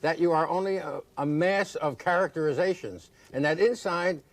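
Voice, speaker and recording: A man hosting a TV interview in a studio, firing off quick probing questions. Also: on the high side, dry recording. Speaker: TV interviewer, host.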